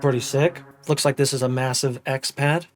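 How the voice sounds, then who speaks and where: A young man giving a casual music production tutorial, humming drum patterns out loud as he works. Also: mid-range voice, moderate pace. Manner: relaxed, hums and sings drum parts aloud. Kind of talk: casual screen-recorded tutorial.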